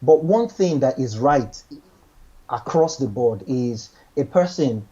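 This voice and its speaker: A man's voice: mid-range voice, lively intonation, takes it slowly, warm tone, slightly rough, lo-fi sound. A man giving relationship advice in a casual chat, earnest, often repeating and restarting his words.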